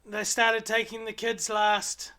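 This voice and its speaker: A man's voice: sits high, monotone, slow, pushed and bright, voice pushed up, heavily acted. A man voicing a tiny, fluffy owlfolk child who earnestly and politely explains the trouble in a tabletop game.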